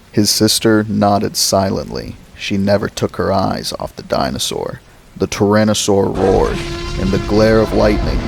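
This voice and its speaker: A man reading a thriller novel aloud as a narrator, slow and dramatic. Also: lowish voice, gravelly, darkish tone, a little hiss or hum, low-quality recording. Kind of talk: audiobook narration.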